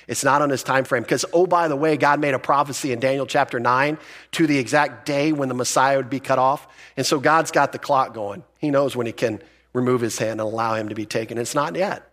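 A man's voice: mid-range voice, fairly bright tone. A male pastor giving a sermon in a conversational, emphatic way.

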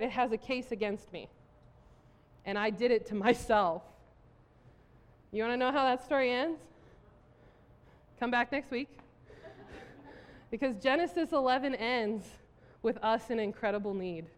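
A woman pastor preaching a sermon, telling a story about herself in an animated way and laughing at herself. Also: fairly high pitch, long reverb tail. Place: church sanctuary.

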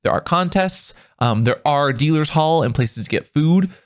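Podcast host, male, casual banter, playful and teasing, fairly high voice with lots of swing. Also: lively intonation, moderate pace, smooth. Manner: playful, teasing, laughs often.

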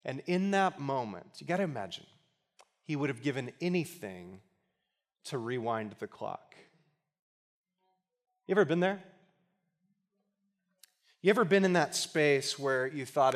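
A man preaching a sermon as pastor, conversational and emphatic with touches of humor, at times dropping into quiet, earnest appeals. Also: mid-range voice, very animated, unhurried, long pauses.

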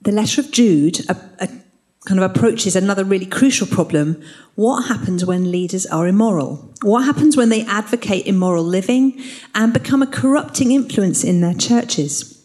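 Woman explaining bible passages, earnest, mid-pitched voice. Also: lively intonation, normal speed, a little mellow. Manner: earnest, explanatory, reads scripture aloud. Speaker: Bible teacher. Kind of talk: Bible teaching talk.

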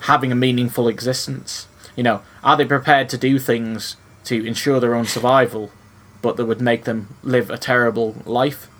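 A man's voice: mid-range voice, steady tone, moderate pace, few pauses, fairly bright tone. A man on a film podcast, talking earnestly and hedging with frequent "I mean". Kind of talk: casual chat.

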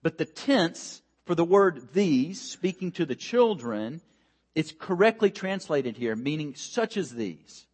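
A man's voice: on the high side, animated, unhurried, a little mellow. A male pastor preaching a sermon in a conversational way, with many fillers and restarts.

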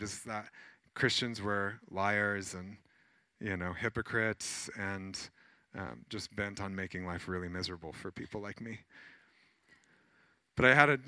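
A man, a pastor, preaching a sermon in a conversational, animated way with many fillers as he tells personal stories. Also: fairly low pitch, no room sound.

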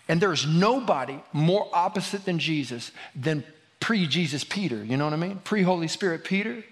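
Male pastor, higher-pitched voice, conversational sermon that swings from loud to hushed, long church reverb. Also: animated, moderate pace. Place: church hall.

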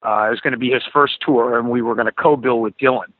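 A middle-aged guest musician tells a story in a podcast interview, talking fast and acting out the voices of the people in it. His husky, medium-pitched voice comes through tinny, phone-like call audio with no echo or room sound.

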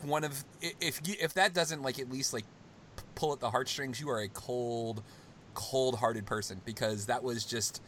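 A man hosting a casual podcast, talking at length and with strong feeling, swinging from excited outbursts to hushed, tender stretches. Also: mid-range voice. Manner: long-winded, emotional, swings from excited to hushed. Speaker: podcast host.

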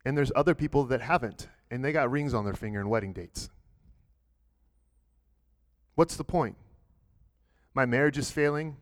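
A medium-pitched pastor preaches fast, hardly pausing at all. Earnest and direct in his sermon, he keeps restarting and repeating words as his argument builds.

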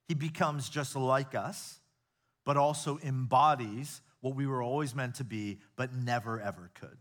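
A middle-aged man from the United States preaching a sermon, building to emphatic peaks and then dropping to soft, confiding storytelling. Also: mid-range voice, unhurried. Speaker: pastor. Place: church auditorium with a live audience.

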